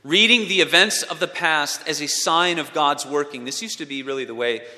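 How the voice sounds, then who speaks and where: A man's voice: fairly high pitch, moderate pace, pushed and bright. A man giving a sermon as a pastor, asking his listeners questions and repeating words as he thinks. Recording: long hall reverb.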